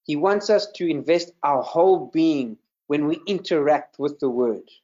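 A man's voice: on the high side, unhurried, mellow. Earnest man preaching over dull audio. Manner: earnest, repeats words while teaching. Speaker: minister. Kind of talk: sermon. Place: video call with screen share.

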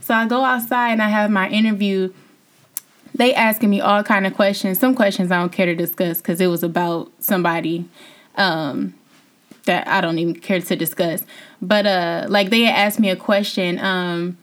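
A young woman, a former reality show contestant, telling her story in a casual interview and jumping high in pitch when she gets indignant. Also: moderate pace. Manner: animated, laughs, voice jumps high when indignant.

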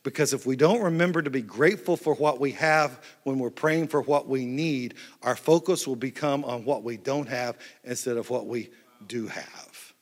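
A man preaching a lively, playful sermon to a church crowd on a handheld mic. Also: mid-range voice, moderate pace. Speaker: pastor. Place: large church hall. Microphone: handheld microphone. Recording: echoey church hall.

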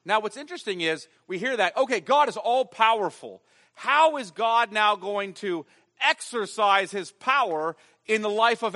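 A man preaching a sermon as pastor, emphatic, swinging from loud stressed lines to hushed ones. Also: sits high, long reverb tail.

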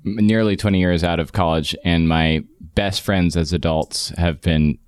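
A man's voice: sits low, steady tone, moderate pace, clean tone, dry recording, studio quality. A man in his forties telling a long anecdote in casual chat, rambling with many restarts and fillers.

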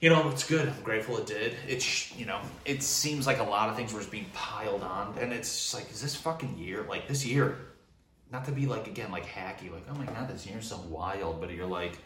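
A young man rants in a loose, rambling monologue, swearing freely and working himself up as he talks. His voice sits a little low. The sound is roomy and echoey, picked up from some distance off the mic. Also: brisk, fairly bright tone, slight background noise. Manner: profane, heated and rambling. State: drinking wine. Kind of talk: casual monologue vent.

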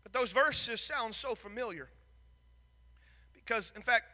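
High, bright-voiced preaching man. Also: measured pace. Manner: impassioned preaching, swinging between hushed and shouted. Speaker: pastor. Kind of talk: sermon. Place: church sanctuary. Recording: long hall reverb.

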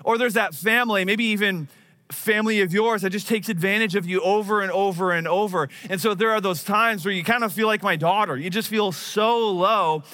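A pastor in his thirties preaches a sermon in a high-pitched, bright voice with a forceful tone. He shares a personal story in a conversational, self-deprecating way.

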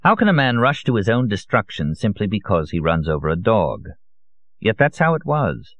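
Deep-voiced man narrating a novel. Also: big pitch swings, moderate pace, dry recording. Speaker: audiobook narrator. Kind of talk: scripted narration. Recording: dull, lo-fi audio.

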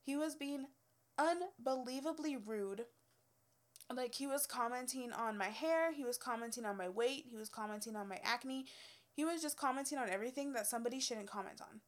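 A young woman tells stories from her work in a casual, unscripted way. Her voice sits slightly high. She is blunt and profane and fills her talk with filler words. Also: moderate pace. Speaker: cosmetology student telling work stories. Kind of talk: casual storytelling.

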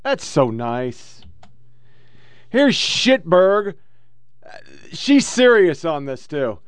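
A man hosting a political podcast. He reads quotes quickly in a mocking tone and swears and heckles between them. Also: a little high, big pitch swings, clean tone, dry recording, clean studio sound. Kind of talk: profane political commentary reading quotes.

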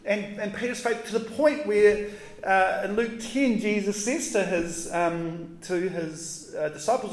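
A man preaching a casual, conversational sermon in relaxed, slangy talk with animated asides. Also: high-pitched, normal speed. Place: church. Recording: roomy echoey hall.

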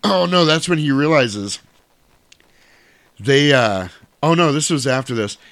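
A man's voice: a little high, animated, a little slow, fairly bright tone, no echo. A man in casual chat, retelling a movie's plot in a profane, rambling way and correcting himself as he goes.

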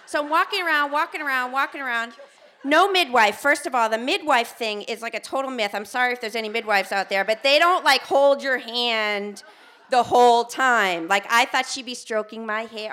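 An American woman tells a personal story live on a theater stage, animated and self-mocking. Her voice is bright and set a little high, and she throws herself into acting out each quoted line. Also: a little fast, slight background noise. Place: theater stage before an audience.

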